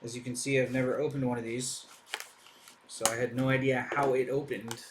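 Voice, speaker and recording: A man's voice: medium pitch, level tone, a little fast, noisy background. A man hosting a live card break, chatting in an upbeat way as he opens packs and thinks aloud. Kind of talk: casual live commentary while opening packs.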